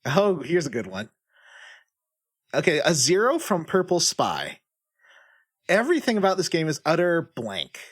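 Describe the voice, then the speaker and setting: A man's voice: on the high side, a little slow, long pauses, breathy edge. A man hosting a casual podcast game, reading user reviews aloud and humming while he looks up the next one. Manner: animated, reads reviews in a lively sing-song way, hums while searching. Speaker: podcast host running a guessing game.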